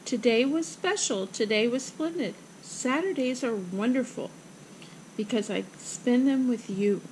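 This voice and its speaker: A woman reading a storybook aloud, giving the lines of a cheerful, loving young girl with a gentle, reassuring manner. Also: fairly high pitch, sing-song, normal speed, a little hiss or hum, rough recording. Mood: tender.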